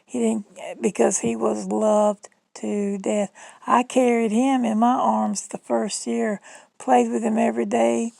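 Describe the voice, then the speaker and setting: A middle-aged Southern woman talking to her phone in a loose, rambling vlog, folksy and chatty. Her voice sits a little high and is heavily gravelly with vocal fry. The sound is dry and close, with almost no room around it. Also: flat delivery, takes it slowly, warm tone, dry recording, low-quality recording. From Southern United States. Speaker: vlogger. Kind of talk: rambling casual monologue.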